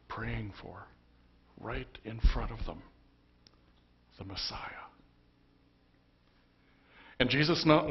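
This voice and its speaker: A man's voice: mid-range voice, muffled recording. A man preaching a sermon as pastor, telling the story conversationally with emphatic bursts. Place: church.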